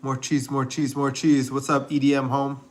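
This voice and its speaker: A man talking at an ordinary pitch as he cooks and chats on a livestream. His talk is loose and rambling, full of fillers and asides. The home kitchen recording carries clear background noise and the crinkle of packaging. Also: flat delivery, normal speed. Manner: rambling, chatty, many fillers. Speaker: host cooking on a livestream. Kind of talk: casual live-stream chat.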